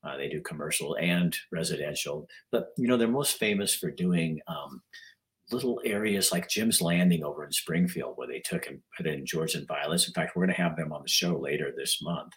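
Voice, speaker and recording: An older man hosting a casual live stream, losing his voice, rambling in a folksy way and often clearing his throat. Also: extremely low pitch, normal speed, fairly bright tone. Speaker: livestream host.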